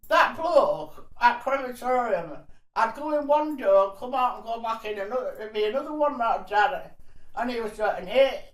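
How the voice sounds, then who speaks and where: A woman's voice: fairly high pitch, far from the mic. An older woman, telling cheeky anecdotes in a chatty interview and laughing between stories. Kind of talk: casual storytelling. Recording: roomy sound, voice off-mic.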